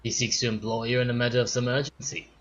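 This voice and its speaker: A man's voice: medium pitch, level tone, fast, lo-fi sound, close to an everyday voice. Man reading a formal wizard's messenger.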